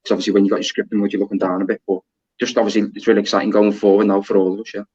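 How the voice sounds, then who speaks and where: A man's voice: fairly low pitch, level tone, very fast, a little mellow, breathy edge. A man, a stage actor guest, talking loosely about rehearsals and hedging with fillers. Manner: loose, hedging with "sort of" and "obviously". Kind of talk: casual interview. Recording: dull lo-fi sound.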